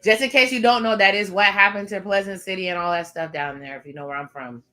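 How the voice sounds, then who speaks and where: A woman's voice: medium pitch, fast talker, sharp tone. A woman hosting a casual reaction video, chatty and sassy, talking straight to her viewers. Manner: chatty, sassy asides to viewers, frequent laughs.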